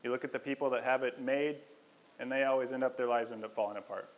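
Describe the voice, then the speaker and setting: A man's voice: mid-range voice, steady tone, quick pace, rough recording. A young man preaching a casual, joking sermon, telling stories with self-deprecating humor. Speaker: lay preacher.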